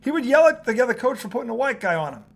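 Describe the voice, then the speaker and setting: A man hosting a sports talk show, telling stories in an animated, profane way and acting out quotes. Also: very high voice, rapid-fire, creaky. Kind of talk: casual sports debate.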